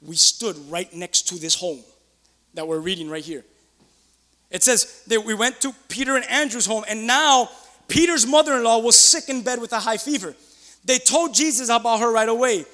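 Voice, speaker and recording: A man preaching a sermon in church as pastor, excitable, swinging between loud outbursts and quiet asides. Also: extremely high pitch, moderate pace, in a large hall.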